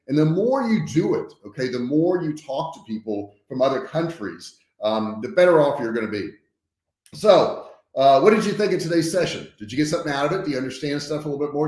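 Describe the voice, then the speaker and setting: A man's voice: on the high side, a little mellow, roomy sound. A man hosting a casual business livestream, speaking frankly and emphatically, often checking in with his viewers. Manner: frank and emphatic, often tags points with "okay?". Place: home office.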